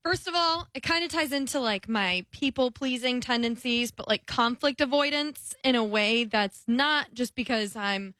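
A young woman co-hosting a casual chat show, chatty and lively, acting out the voices of people she quotes. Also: fairly high pitch, normal speed, hardly any pauses, no echo, clean studio sound. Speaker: podcast co-host.

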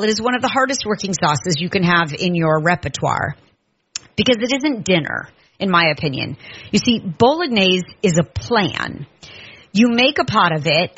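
A woman's voice: lowish voice, a bit bright, dull audio, a little hiss or hum. Enthusiastic woman hosting a food talk. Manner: enthusiastic, descriptive, savoring words. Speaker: food podcast host. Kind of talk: casual chatty monologue. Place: Southern California.

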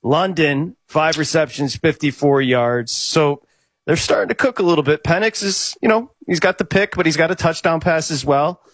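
Man, sports betting co-host, quick stat updates, higher voice, dry close sound. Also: fairly bright tone, dry recording. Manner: rapid stat-heavy game updates. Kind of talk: live sports betting broadcast chat.

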